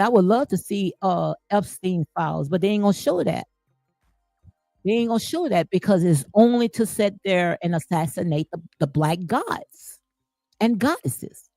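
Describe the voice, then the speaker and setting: A woman's voice: medium pitch, darkish tone, dry recording. A woman giving impassioned spiritual commentary, preachy and emphatic, repeating phrases for emphasis. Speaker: commentary host.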